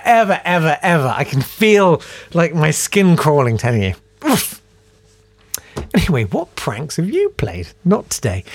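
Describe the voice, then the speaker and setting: A man hosts a podcast and tells self-deprecating stories in a lively, swooping voice that sits a little high. He acts out the people in his anecdotes. The recording is dry and close to the mic. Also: no echo. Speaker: podcast host. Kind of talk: casual storytelling and reading listener emails.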